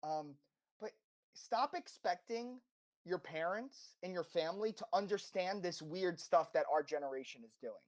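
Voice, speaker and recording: A guest on a casual podcast, a man with a slight accent, delivers impassioned advice that rambles, with lots of restarts and corrections. His high-pitched voice is a little mellow and unhurried, with lively intonation.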